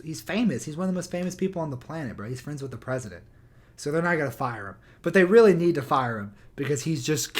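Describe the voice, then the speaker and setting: A young man on his own microphone, ranting in a heated, sarcastic way with lots of swearing. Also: mid-range voice. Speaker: YouTuber. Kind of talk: profane rant. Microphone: new microphone.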